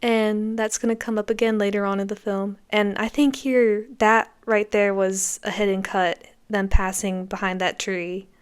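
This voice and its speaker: A woman's voice: medium pitch, fairly even intonation, normal speed, few pauses, clear, resonant tone. A woman hosting a podcast, giving enthusiastic, conversational commentary as she reacts to a film. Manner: enthusiastic, conversational, reacting to scenes as they play. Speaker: podcast host.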